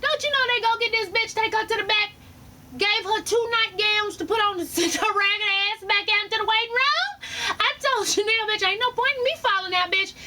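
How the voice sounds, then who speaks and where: A woman vlogger telling a profane, animated story in a casual storytime rant, laughing as she goes. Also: extremely high pitch, normal speed, a little hiss or hum.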